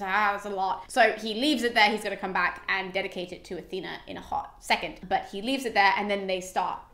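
Chatty woman retelling an epic. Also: medium pitch. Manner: chatty and animated, heavy use of "like", frequent laughter. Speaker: host of an educational classics series. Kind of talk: casual explanatory retelling. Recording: roomy echo.

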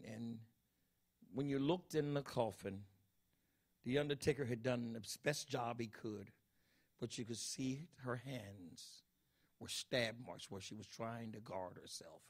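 A man's voice: medium pitch, darkish tone, husky. A middle-aged man preaching a sermon as pastor, emphatic and full of rhetorical questions to the congregation.

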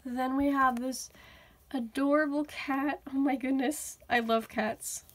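A woman vlogger unboxing a toy haul, gushing and excitable, often exclaiming over how cute things are. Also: high voice, unhurried. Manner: gushing, excitable, many "oh my goodness".

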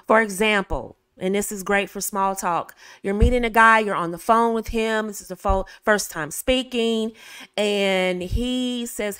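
A woman's voice: medium pitch, measured pace, a bit bright, clear, resonant tone, no room sound. A middle-aged woman from the United States coaching a live class in a direct manner, acting out short phone dialogues. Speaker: etiquette coach.

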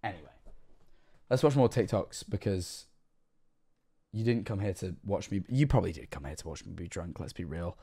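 A man's voice: low-pitched, animated, normal speed, long pauses, husky. Tipsy man rambling on stream. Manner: rambling storyteller, jumping between loud outbursts and hushed asides. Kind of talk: casual live-stream chat.

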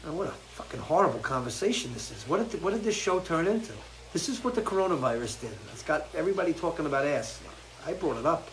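A man hosting a casual live chat with viewers, rambling and crude, jumping from loud, animated outbursts to low mutters. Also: fast talker, a little hiss or hum, low-quality recording. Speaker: host.

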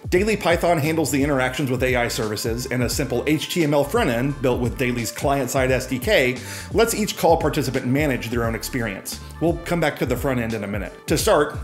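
A man narrates a scripted tech explainer in a breezy, upbeat tone, his voice sitting at an ordinary middle pitch. Soft music plays faintly underneath. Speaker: presenter demoing software.

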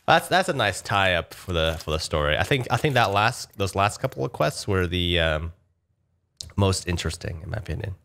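Man, low voice, very lively pitch, excitable gameplay commentary. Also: normal speed, vocal fry. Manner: excitable, speculative, talks to viewers. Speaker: gaming YouTuber.

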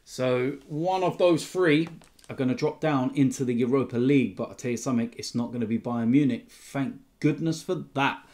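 A man's voice: medium pitch, moderate pace, a little mellow. A man hosting his football fan channel, giving a casual news roundup in a chatty way with frequent ums.

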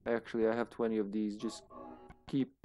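A man streaming a horror game, talking casually to himself as he plays, often trailing off into quiet mutters. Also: on the low side, monotone, brisk, faint music behind. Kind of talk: casual gameplay commentary.

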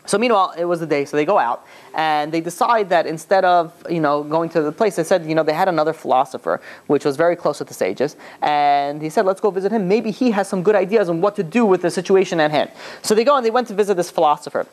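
A man's voice: a little high, quick pace. A man, a rabbi, telling a story in a loose, conversational lecture and acting out the characters' lines. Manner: lively retelling that acts out the characters' quoted lines; loose and conversational, often saying "you know".

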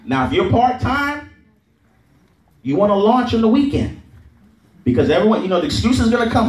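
A man's voice: high voice, sing-song, a little fast, pauses often. A man training an audience at a sales event, repeating himself and leading call-and-response chants. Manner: repetitive, drills the crowd with chants and okays. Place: large event room with an audience. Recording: echoey hall, mic at a distance.

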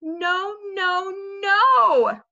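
A woman's voice: high-pitched, big pitch swings, slow pace, pushed and bright, no room sound, exaggerated voice. A woman voicing a stubborn toddler boy who talks in clipped baby talk, in a dull lo-fi recording. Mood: shouting.

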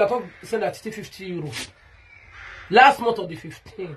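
A woman's voice: a little high, expressive, a little fast, pauses often, breathy edge. A woman with a Nigerian Pidgin accent ranting in a vlog monologue, heated and repetitive as she calls someone out by name. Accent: Nigerian Pidgin English. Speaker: vlogger.

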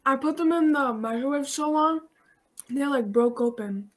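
Woman, bright higher voice, playful deadpan banter, faint noise behind. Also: moderate pace. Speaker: video chat stranger. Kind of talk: casual chat.

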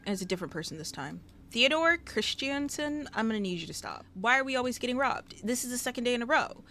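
A woman giving casual, sassy Let's Play commentary, scolding the characters in her game out loud, recorded on a headset mic. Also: on the high side, animated, quick pace, slight background noise. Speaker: gaming YouTuber.

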